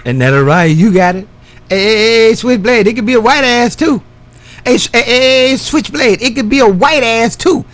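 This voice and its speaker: A man in casual CB radio banter, drawling and repeating his sign-off catchphrase, his words trailing off low. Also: lively intonation, moderate pace, a bit bright, slight background noise. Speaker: CB radio operator.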